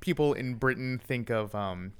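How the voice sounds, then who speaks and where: A man's voice: medium pitch, normal speed, smooth. A man co-hosting a podcast, chatting casually about a video game in an easygoing way with jokes. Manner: easygoing and joking, often laughing. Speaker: podcast co-host. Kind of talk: casual chat.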